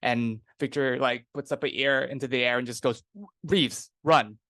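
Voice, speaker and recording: A man narrating a tabletop game as game master, in a relaxed, rambling manner. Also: medium pitch, fairly quick, dry recording. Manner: relaxed and rambling, with many fillers.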